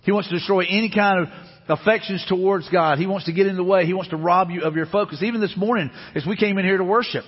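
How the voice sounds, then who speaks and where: High-voiced husky pastor preaching. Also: male voice, fast talker, in a large hall, dull audio. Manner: earnest preaching with repeated prayer lines. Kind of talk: sermon. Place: church sanctuary.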